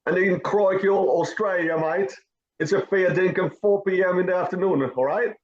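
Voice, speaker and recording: A brash, slang-heavy Australian bloke, as a man puts him on. The voice sits noticeably higher than the speaker's own. The sound is roomy and a little muffled and lo-fi. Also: steady tone, moderate pace, close to an everyday voice. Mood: jokey. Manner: broad, slangy, hammed up.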